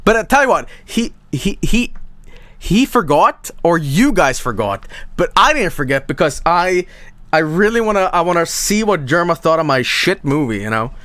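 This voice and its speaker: Swedish-accented streamer, casual and profane; animated pitch, dry close mic. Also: male voice, moderate pace, no echo. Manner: rambling, profane, laughing asides.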